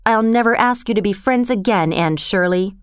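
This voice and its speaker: A woman's voice: medium pitch, moderate pace, smooth, no room sound, clean studio sound, lightly acted. A woman voicing an earnest teenage boy who talks hurriedly and pleads. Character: earnest teenage boy, eager then sharp.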